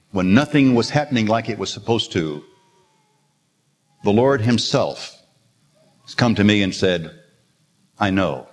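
A man's voice: on the low side, darkish tone. An older man preaching a sermon in an earnest, storytelling manner, quoting scripture with emphasis. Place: church sanctuary. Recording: long reverb of a large hall.

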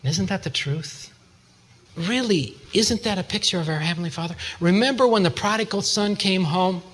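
A man with a somewhat high voice delivers a sermon, telling a story to his listeners. He slips into the voices of the people in his tale and chuckles now and then as he goes. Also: normal speed, fairly bright tone. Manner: acts out voices in a retold story, chuckles at times. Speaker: preacher.

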